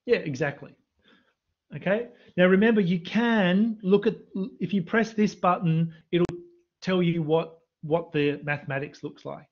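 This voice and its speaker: Unhurried and high-sitting, this university maths lecturer's voice comes through a muffled computer mic on a live stream. He's teaching a revision lesson and putting questions to students in the chat.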